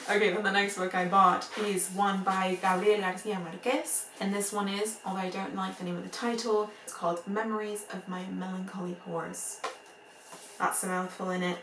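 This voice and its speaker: A woman with a noticeable accent chatting to camera about books she bought, excitable and rambling, laughing often. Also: mid-range voice, moderate pace, slight background noise. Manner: rambling, full of "like" and restarts. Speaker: book vlogger. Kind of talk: casual chat to camera. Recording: roomy echo, mic at a distance.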